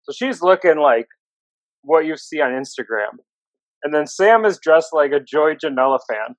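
Animated joking man, lively pitch. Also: normal speed, dry recording. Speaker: podcast co-host. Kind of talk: casual chat among friends.

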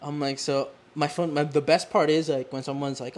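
Young woman guest, casual profane storyteller, animated quotes. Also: low-pitched, brisk, hardly any pauses. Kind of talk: casual chat.

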